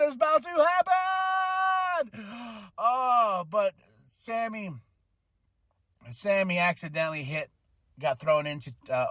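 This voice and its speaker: Casual podcast host, male, higher-pitched, dry close sound, animated storyteller who voices the quotes. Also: dry recording. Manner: animated, acts out quotes in voices, laughs often. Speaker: podcast host recapping wrestling. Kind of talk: casual recap chat.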